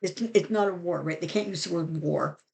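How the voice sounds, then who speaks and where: A woman's voice: fairly low pitch, moderate pace, vocal fry, darkish tone. A middle-aged woman tarot reader talking casually and with strong opinions, full of fillers, as she reads cards for her channel. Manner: chatty, opinionated, many fillers. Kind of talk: casual channel talk with card reading.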